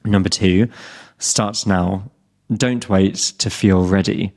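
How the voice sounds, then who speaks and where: A man's voice: deep voice, fairly even intonation, slow, darkish tone. A man in his thirties with a British accent, hosting a scripted English-learning podcast in a candid, self-deprecating and encouraging way. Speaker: podcast host and English teacher.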